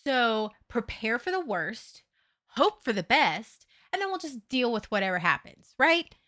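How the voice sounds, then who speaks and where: A woman streamer chatting casually to her audience, candid and often profane as she talks. Her voice sits a little high and swings widely in pitch. The tone is bright and forceful. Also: big pitch swings, unhurried. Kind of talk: casual livestream chat.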